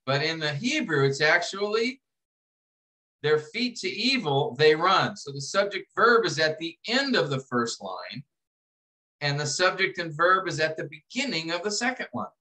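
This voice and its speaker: Guy teaching a class, kinda high bright voice, explains step by step, restarts a lot. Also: very animated, rough recording. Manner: explanatory, repeats and restarts phrases, reads verses slowly. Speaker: instructor. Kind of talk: classroom lecture walkthrough.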